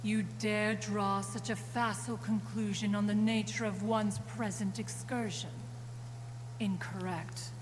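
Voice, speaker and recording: A woman's voice: mid-range voice, fairly even intonation, a little slow, faint music behind, lightly acted. An actress voicing a haughty female crane spirit in a video game, speaking formally and aloofly. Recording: game audio with reverb and noise.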